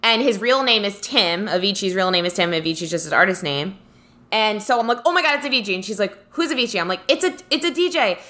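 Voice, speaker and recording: A woman's voice: mid-range voice, fairly quick. A woman co-hosting a podcast, telling a story in casual chat and acting out the people she quotes. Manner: animated storyteller, acts out quoted voices. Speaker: podcast co-host.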